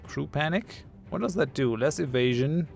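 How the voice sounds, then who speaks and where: A man's voice: on the high side, animated, normal speed, creaky, a little mellow, soft background music. A man giving casual commentary while he plays a game, thinking aloud, muttering and laughing at his own jokes. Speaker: gamer playing a ship combat game.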